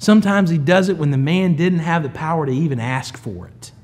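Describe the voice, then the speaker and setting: A man preaching a sermon, moving from quiet, low storytelling to loud, emphatic high peaks. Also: brisk. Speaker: pastor.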